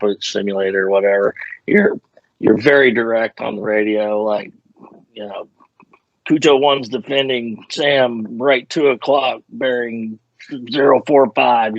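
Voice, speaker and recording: An older man, a retired fighter pilot, tells stories in a casual interview, rambling off on tangents with self-deprecating humor. His voice is lowish with vocal fry, no echo, though the audio is muffled and lo-fi.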